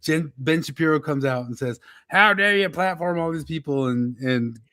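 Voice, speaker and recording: A man's voice: on the high side, normal speed, pushed and bright, dry recording. A man co-hosting a casual podcast, telling political stories with laughs and mimicking quotes. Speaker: podcast host.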